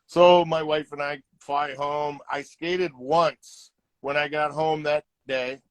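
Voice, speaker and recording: Speaking at a slow pace in a slightly high voice, this former hockey player, now middle-aged, swaps relaxed stories in an interview and brings the quoted lines to life. There's no room sound, and the audio quality is low.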